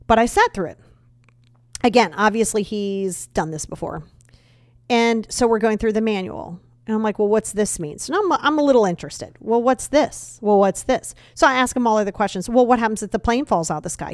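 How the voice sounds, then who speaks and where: Animated woman telling a story, dry sound. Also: fairly high pitch, dry recording. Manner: animated, acts out both sides of a conversation. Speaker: podcast host. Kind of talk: storytelling monologue.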